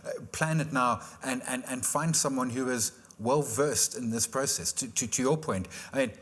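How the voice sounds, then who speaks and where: A man's voice: medium pitch, normal speed, fairly bright tone, big-room sound. Man, panel host, conversational, repeats words, sums up the guest's points. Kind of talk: conference panel discussion.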